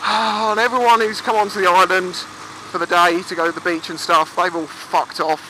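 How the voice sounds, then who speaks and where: Unhurried and level in tone, the high, bright, forceful voice of an English vlogger in his twenties carries his casual stories as he rides a motorbike by the sea. He's talkative, swears freely and acts out what others said. Faint road and engine noise come through on the low-quality recording.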